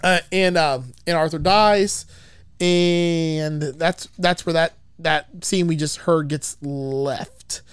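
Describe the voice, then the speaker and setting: A man's voice: a little high, steady tone, slow, clear, resonant tone. Rambling, profane male podcast host. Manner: rambling, profane, laughs often. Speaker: podcast host recapping a film. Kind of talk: casual chat.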